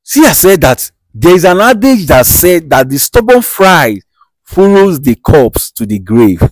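Animated man interpreting. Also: fairly high pitch, a little slow, no echo. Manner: animated, switching between urgent appeals and soothing. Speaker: interpreter and show presenter. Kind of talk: comedy skit.

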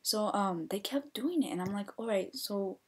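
A young woman hosting a casual podcast, telling referee stories in an animated way and correcting herself as she goes. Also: medium pitch, moderate pace, slightly rough. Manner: animated, acts out the players' and her own quoted lines; laughs often and corrects herself mid-story. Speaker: podcast host and soccer referee. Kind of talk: casual storytelling monologue.

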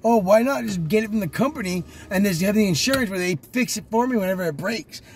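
Young man, high voice, needling, mocking, interrupting, swearing, faint room noise. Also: lively intonation, quick pace. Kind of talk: heated casual argument.

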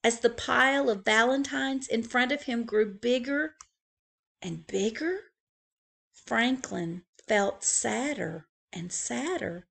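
A woman librarian reading a picture book aloud to young children, expressive, with playful asides to the kids. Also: a little high, slow pace, vocal fry. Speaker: school librarian.

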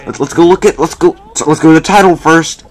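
A young man giving excited, boastful commentary while playing a shooter game. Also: fairly high pitch, a little fast. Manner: boastful, frustrated, exclaiming. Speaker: gamer narrating his match. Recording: faint gunfire from the game behind.

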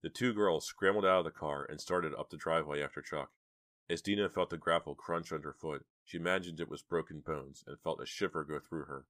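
A man narrating a horror audiobook in a steady, measured way. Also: rumbling low, no echo.

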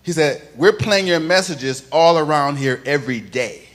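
A male pastor preaching a sermon, moving from quiet, conversational telling to loud, sing-song preaching and calling on the congregation to repeat after him. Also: a little high, lively intonation, moderate pace. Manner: calls on the congregation to repeat phrases.

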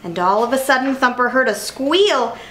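A woman reading a children's picture book aloud with clear, expressive narration. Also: a little high, moderate pace, slight background noise, rough recording. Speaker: storyteller.

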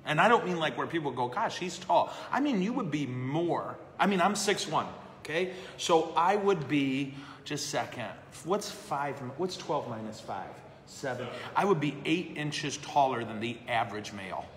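A man's voice: on the high side, lively intonation, moderate pace, few pauses, a bit bright. A man, a priest, chatting casually and answering questions live, self-deprecating and laughing often. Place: brewery. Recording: echoey room with long reverb.

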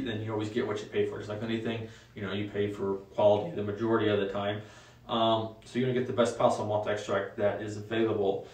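A young adult man hosting a casual solo talk show, relaxed and rambling with frequent ums. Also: on the low side. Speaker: host. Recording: echoey room, voice a bit far from mic.

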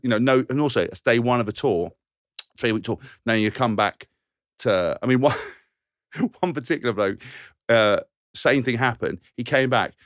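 A man's voice: medium pitch, no echo, clean studio sound. A man in his thirties, a podcast co-host and former rugby player, rambling through tour stories and acting out the voices in them. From England. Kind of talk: casual anecdote telling.

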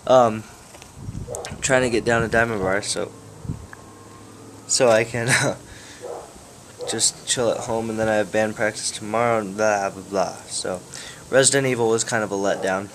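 A man's voice: lowish voice, steady tone, normal speed, a bit bright, slight background noise. A young man talking offhand through a casual daily vlog, with lots of fillers, filmed on a handheld camera while out and about. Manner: rambling and offhand, with many fillers. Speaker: vlogger. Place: out and about on a phone camera, indoors and outdoors.

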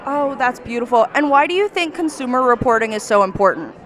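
A woman from Texas with a high voice interviews guests at an awards show. She is upbeat and quick with compliments. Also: animated, fairly bright tone, some chatter behind. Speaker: red carpet interviewer. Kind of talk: casual interview.

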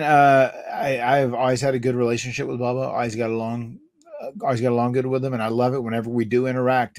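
A man's voice: mid-range voice, no echo, studio quality. A man hosting a podcast, chatting casually and telling stories with quoted voices, laughing often. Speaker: podcast host, former wrestler. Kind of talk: casual chat.

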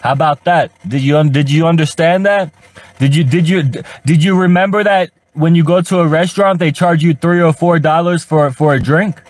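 A man talks fairly quickly on a live stream from his parked car, his voice a little high with fairly even intonation. Frustrated and profane, he rambles to his chat and stammers on repeated words.

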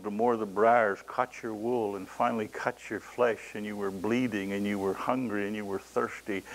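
A man preaching a sermon to a congregation, pleading and building to loud, passionate cries. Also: fairly low pitch, a little hiss or hum, rough recording.

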